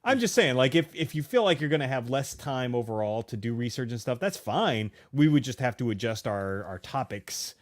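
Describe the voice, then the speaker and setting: A man's voice: medium pitch, lively intonation, moderate pace, hardly any pauses. A man co-hosting a comedy podcast in casual chat, laid-back, swearing often and laughing easily. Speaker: podcast co-host.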